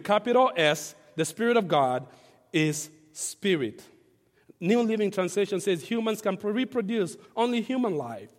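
A male preacher with a high-pitched voice delivers a sermon in a hall with a long echo. He stresses key phrases through repetition and shifts between loud and soft. He invites the congregation to join in reading. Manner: emphatic, repeats phrases, varies loudness for stress; asks the congregation to read along. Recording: reverberant hall.

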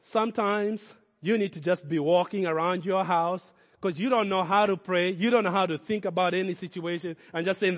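A man's voice: high voice, fairly quick, few pauses, in a large hall. A man preaching a sermon as a pastor, speaking in emphatic, repeated declarations.

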